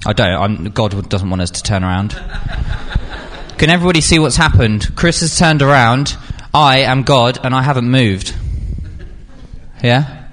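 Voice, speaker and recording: Speaking at medium pitch and a moderate pace, a young youth speaker preaches casually, filling his talk with fillers and breaking into lively acted-out scenes. There is slight background noise.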